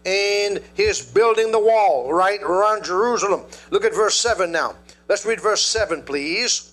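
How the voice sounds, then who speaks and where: A male preacher delivering a sermon, telling a story and calling out to the congregation in an animated way. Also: high-pitched, unhurried.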